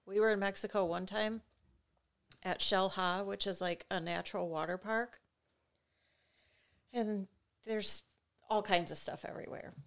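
A woman's voice: medium pitch, fairly even intonation, a little slow, creaky, pauses often, clean tone. A woman in casual chat, frankly telling a story about herself.

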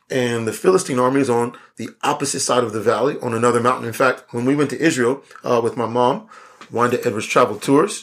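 A young man preaching a casual, conversational sermon, animated and full of asides. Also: mid-range voice.

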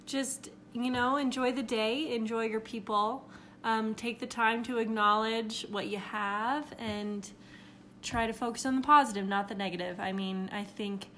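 A woman's voice: fairly high pitch, fairly even intonation, a little slow, fairly bright tone, a little hiss or hum. A woman teacher, a guest on a podcast, chatting casually and bluntly and laughing often. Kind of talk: casual chat.

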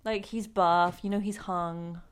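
A woman's voice: on the low side, fairly even intonation, a little slow. Chatty young woman, swearing freely. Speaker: podcast co-host. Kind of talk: casual chat. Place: decorated bedroom.

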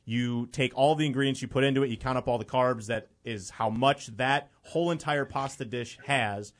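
A man's voice: mid-range voice, moderate pace. A young man from the Chicago area, a guest on a talk show, telling a personal story in an earnest, rambling way with many fillers.

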